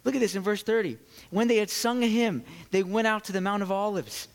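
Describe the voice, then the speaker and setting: A man preaching a sermon to his church, animated and swinging from loud bursts to hushed moments. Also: high-pitched, a little fast. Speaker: pastor.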